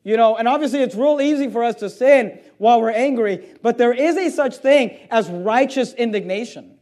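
A man, a pastor, preaching an impassioned and indignant sermon in a church, reading scripture and swinging between loud outbursts and low intensity. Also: normal speed. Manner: reads scripture aloud and answers imagined questions. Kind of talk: fiery sermon. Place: church sanctuary.

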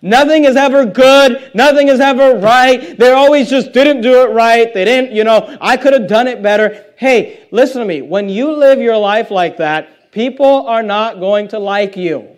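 A man's voice: sits high, moderate pace, hardly any pauses. A man preaching a sermon in a conversational way, reading scripture aloud and putting questions to the congregation.

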